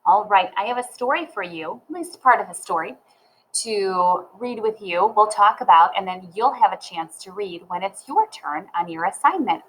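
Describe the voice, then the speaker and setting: A woman's voice: mid-range voice, animated, normal speed, a bit bright, rough recording. A woman teaching a reading lesson, sounding words out syllable by syllable and spelling them letter by letter.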